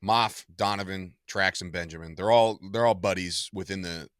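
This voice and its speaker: A man's voice: deep voice, moderate pace, a bit bright, dry recording, studio quality. A man co-hosting a wrestling podcast in casual chat, opinionated and blunt, swearing freely. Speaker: podcast co-host.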